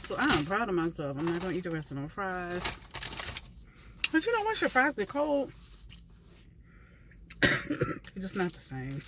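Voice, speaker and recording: A woman's voice: fairly low pitch, heavy background noise. A woman from Philadelphia with a southern drawl, chatting casually between bites as she eats in her parked car at a park. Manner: chatty, slow and relaxed, talking between bites. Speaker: mukbang vlogger. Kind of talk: casual chat while eating.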